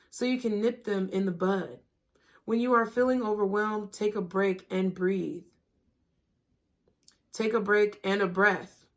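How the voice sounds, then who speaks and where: Woman, tarot reader, gentle, reassuring, casual monologue. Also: mid-range voice. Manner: gentle and reassuring, with frequent "okay?" check-ins; casual, laughing and swearing at times.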